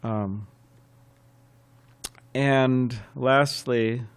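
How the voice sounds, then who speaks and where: A man giving a scriptural class as a sermon, telling anecdotes in a lively way, chuckling and often restarting phrases. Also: mid-range voice, extremely slow, clear, resonant tone. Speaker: temple class speaker. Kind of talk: sermon with storytelling.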